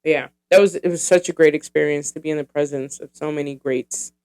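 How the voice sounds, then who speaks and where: A woman's voice: low voice, fairly even intonation, brisk, a little mellow, smooth. A woman in her thirties hosting her own podcast, talking in a casual, rambling, profane way with lots of fillers. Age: 30s. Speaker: podcast host.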